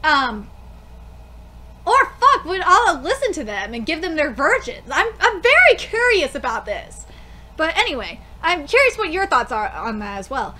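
A young woman with a very high, bright voice reacts live to a manga, excitable and prone to swearing. Her pitch leaps around, and a faint room hum sits behind her. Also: normal speed. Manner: excitable, shrieking, swears freely.

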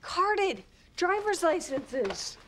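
A woman's voice: extremely high pitch, very animated, extremely slow, slight background noise, heavily acted. An actress playing a bubbly, playful young woman in a TV drama.

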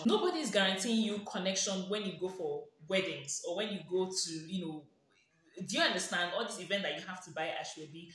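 Bright-voiced Nigerian woman, teasing vlog. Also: on the low side, lively intonation, fast. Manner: playful, teasing, laughs often. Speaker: lifestyle vlogger. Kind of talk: casual sarcastic advice vlog. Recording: very echoey room.

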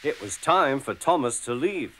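A British man narrating a children's storybook in a measured, expressive way. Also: mid-range voice, slight background noise. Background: music.

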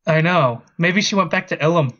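Man on a dull lo-fi line, higher voice. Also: brisk, fairly bright tone. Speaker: podcast guest. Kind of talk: casual fan chat. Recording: dull lo-fi audio.

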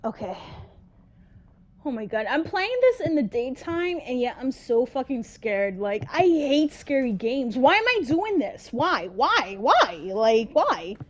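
A woman playing a horror game and commenting, frightened, swearing and yelling at the game. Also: high-pitched, very animated, measured pace. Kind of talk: horror let's play commentary.

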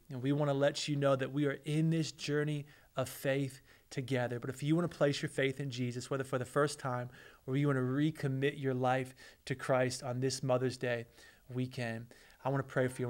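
A middle-aged man, a pastor, preaching with earnest emotion and leading a prayer. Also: mid-range voice. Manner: earnest, emotional, repeats words. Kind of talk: sermon with prayer.

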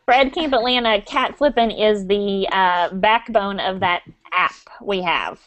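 A woman's voice: medium pitch, measured pace, fairly bright tone, slight background noise. A woman hosting a live online talk show, upbeat and chatty, laughing often. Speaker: host. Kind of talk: casual live webcast chat.

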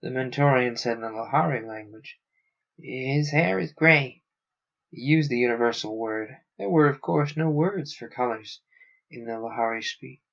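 A man narrating a science fiction novel aloud on a stream, steady with small stumbles. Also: medium pitch, moderate pace. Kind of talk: audiobook-style reading. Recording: dull lo-fi sound.

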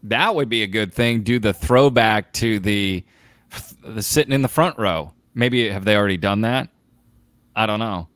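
A man's voice: fairly low pitch, normal speed, a bit bright, no echo, clean studio sound. A man co-hosting a casual sports chat, easygoing and chiming in with jokes. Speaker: radio show co-host.

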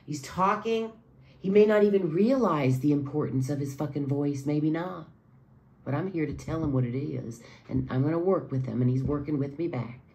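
A woman who makes videos, giving an angry, profane monologue that swings between low muttering and raised outbursts. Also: normal speed, warm tone. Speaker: video creator.

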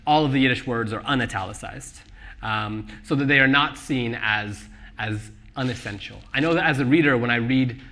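A man talking about his novel on stage at a live book event, animated and quick to laugh, with many restarts. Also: medium pitch. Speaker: author discussing his novel. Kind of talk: live onstage book talk. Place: live event venue with audience.

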